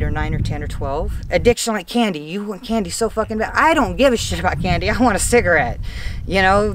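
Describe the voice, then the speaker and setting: A woman's voice: on the low side, recorded from a distance, slight background noise. A woman frankly sharing a painful life story as an interviewee, emotional and close to tears, swearing freely. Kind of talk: candid personal storytelling.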